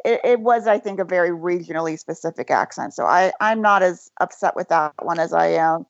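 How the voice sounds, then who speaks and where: Woman, lowish voice, gushing casual film chat, dry, muffled sound. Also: brisk, creaky, no echo. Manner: gushing, self-aware. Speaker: podcast panelist.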